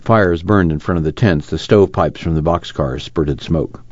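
A man reading a novel aloud as audiobook narrator, expressive and measured. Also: deep voice, no room sound, highs cut off.

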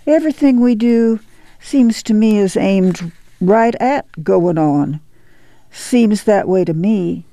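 A woman doing a calm, soothing farm mother. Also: mid-range voice, takes it slowly, no room sound, pitched above the performer's own voice. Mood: steady, soothing. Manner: calm, soothing rural speech. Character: weary, steady farm mother. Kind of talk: audiobook reading.

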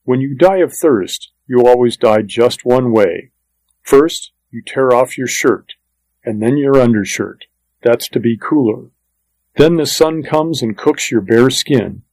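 An easygoing desert vineyard farmer, as a male narrator puts him on, folksy and plain-spoken. He sounds weathered and unhurried in this audiobook reading. The voice is of middling pitch and recorded dry. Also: a little mellow, no room sound, rough recording.

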